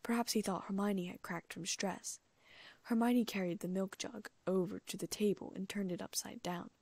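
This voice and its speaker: A woman narrates an audiobook in a hushed, often half-whispered reading. Her voice is husky and gravelly at the edges, recorded dry and close. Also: medium pitch, fairly even intonation, normal speed, no echo. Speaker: audiobook reader. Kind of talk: reading first-person fan fiction.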